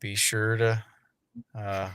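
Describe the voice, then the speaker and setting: A man bantering and joking in a relaxed way on a livestream. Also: fairly low pitch, slow pace, clear, resonant tone, dry recording. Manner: joking, teasing, rambling.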